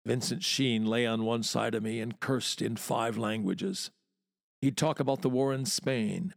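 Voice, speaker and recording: A man reading a wartime news dispatch aloud in a measured, deliberate storytelling manner. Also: mid-range voice, creaky, long reverb tail. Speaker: podcast reader.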